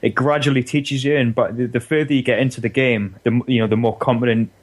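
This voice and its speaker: A man guesting on a casual podcast, talking at length as he explains things. His voice sits at an ordinary middle pitch. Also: steady tone, fast talker.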